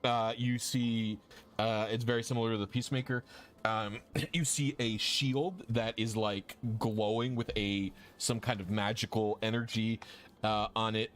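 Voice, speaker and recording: A man's voice: lowish voice, fairly even intonation, unhurried, a bit bright. Casual male game master. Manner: casual, many fillers. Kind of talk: narrating a tabletop game.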